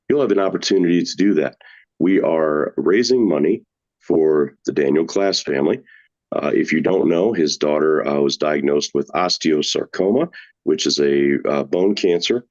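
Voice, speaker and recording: A man's voice: very deep voice, darkish tone. A man hosting a paranormal podcast, joking around loosely and rambling with fillers. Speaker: podcast host. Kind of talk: casual podcast chat. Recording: dull lo-fi sound.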